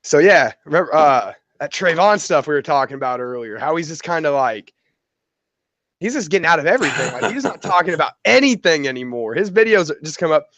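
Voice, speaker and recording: A man hosting a casual crypto chat in a relaxed, rambling way, full of fillers. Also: a little high, brisk, no echo. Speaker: podcast host.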